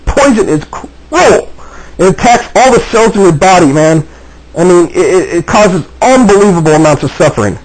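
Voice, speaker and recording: Addressing the camera in an agitated personal video, a man keeps repeating himself and frequently starts over. He has a high, expressive voice at a moderate pace, and the poor audio carries slight background noise.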